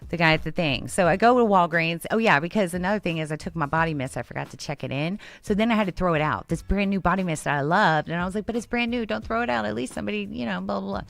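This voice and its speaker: A woman co-host tells a travel mishap story in casual chat. She is animated, laughs often and acts out what everyone said. Her voice sits a bit low for a woman. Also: fast talker, gravelly, hardly any pauses. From Texas. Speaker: radio show co-host.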